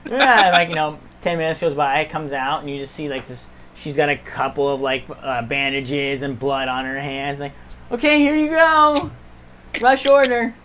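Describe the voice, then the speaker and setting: A woman's voice: a bass voice, fairly even intonation, normal speed, hardly any pauses, a bit bright, slight background noise. A woman narrating a tabletop game as game master in a chatty way, with many fillers.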